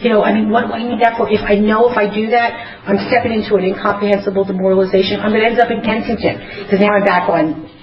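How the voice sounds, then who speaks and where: A woman speaking at a recovery meeting, telling her own story and acting out the dialogue she quotes. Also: medium pitch. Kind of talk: personal testimony talk. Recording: echoey lo-fi hall recording.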